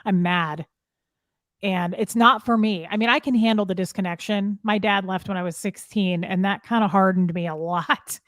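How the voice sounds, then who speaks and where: A middle-aged woman telling a painful personal story, upset and halting, often restarting her sentences. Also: medium pitch, steady tone, fairly bright tone, no room sound, studio quality. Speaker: guest sharing her story. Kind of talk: emotional personal account.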